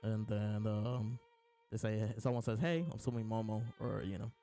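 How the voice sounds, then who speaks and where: A man's voice: lowish voice, normal speed, warm tone, soft background music. A man hosting a live reaction, reading lines aloud between laughs and restarts. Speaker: host reading and reacting to a comic chapter. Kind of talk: casual live reaction chat.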